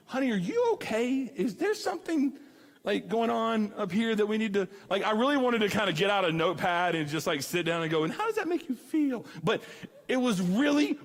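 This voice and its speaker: Upbeat youth preacher, man, high voice, lively storyteller, big reverberant hall. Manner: animated storyteller, acts out dialogue. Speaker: student ministry speaker. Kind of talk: youth sermon with comic stories. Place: church hall.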